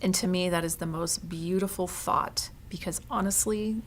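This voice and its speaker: A woman's voice: fairly low pitch, fairly even intonation, moderate pace, slight background noise. A woman who owns a consignment store, speaking as an interview guest in an earnest, heartfelt way and often tagging her sentences with "you know" and "right".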